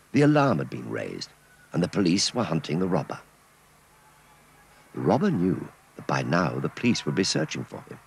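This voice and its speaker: Low, gravelly male storyteller. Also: a little hiss or hum. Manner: expressive, storytelling. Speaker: narrator. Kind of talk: storybook narration for children.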